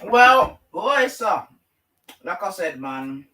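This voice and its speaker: Host, man, slangy and rambling, highish bright voice, picked up from a distance off the mic. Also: normal speed. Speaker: livestream host. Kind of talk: casual livestream chat.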